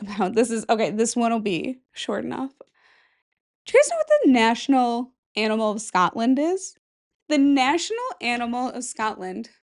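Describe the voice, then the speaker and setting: A young woman hosts her own podcast in a loose, rambling way, laughing at her own tangents. Her voice sits a touch high. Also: a little mellow. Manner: chatty, rambling, giggly asides. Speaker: podcast host. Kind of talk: casual solo podcast chat.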